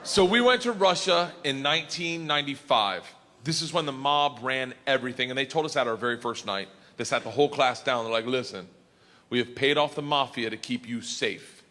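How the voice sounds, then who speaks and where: A man telling a stand-up story on stage, bursting into shouted punchlines, recorded live in a comedy club. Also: mid-range voice, brisk. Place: comedy club stage before a laughing audience. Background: audience laughter.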